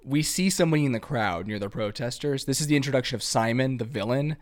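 A man's voice: medium pitch, fast. A man casually recapping a movie's plot with wry commentary. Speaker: podcast co-host.

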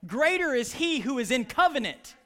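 A man's voice: very high-pitched, big pitch swings, normal speed, a bit bright. A man preaching a sermon as pastor, telling stories and acting out lines with passion. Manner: impassioned preaching, retelling stories with voices.

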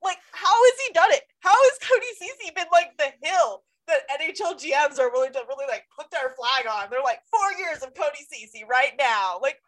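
High-voiced woman ranting about hockey on a podcast, animated, quick, laughing a lot. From Toronto fan. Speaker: podcast co-host. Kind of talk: casual sports chat.

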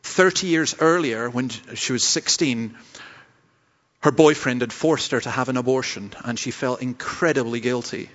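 A man's voice: medium pitch, normal speed, a bit bright, muffled recording. A Scottish man, a pastor preaching a sermon, earnest and self-deprecating, with stumbling restarts. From Scotland.

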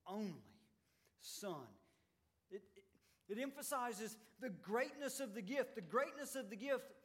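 A man preaching a sermon as pastor, swinging between loud emphatic lines and quiet, low ones. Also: normal speed. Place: church sanctuary.

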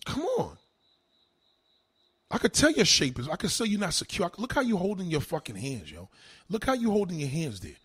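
A man delivering a heated, profane rant to the camera, swinging between low mutters and loud insulting outbursts. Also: wildly swooping pitch, brisk, pauses often, husky.

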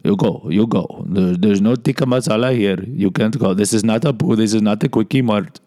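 A man voicing a gruff male convenience store owner with an Indian accent, shooing someone out in short, repeated commands. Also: on the low side, normal speed, dark tone, close to an everyday voice. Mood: brusque. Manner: curt, repetitive, shooing.

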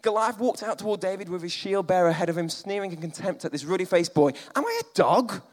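A man preaching a sermon, moving between loud emphatic lines and quiet, almost whispered ones. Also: high-pitched, steady tone, fast talker, long reverb tail.

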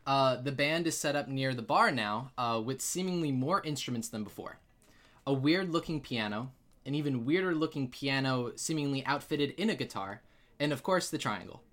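Young guy game master, bright voice, loose casual narration. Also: medium pitch, lively intonation, moderate pace. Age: young adult. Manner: casual, many fillers and restarts, laughs often.

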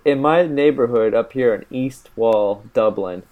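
A man in casual banter with friends, swearing freely and telling animated anecdotes about his neighborhood. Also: mid-range voice, a little slow, phone-quality sound. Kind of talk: casual profane chat, storytelling. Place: lives in Dublin.

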